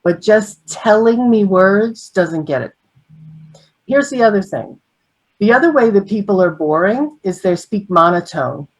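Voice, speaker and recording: A middle-aged woman giving an online training on sales presentations, teaching through lively examples. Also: medium pitch, measured pace, low-quality recording.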